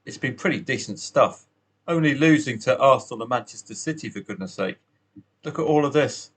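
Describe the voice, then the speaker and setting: A man's voice: mid-range voice, lively intonation, fairly quick, fairly bright tone, breathy edge. A man hosting a solo betting podcast, chatty and upbeat, with asides to the listener.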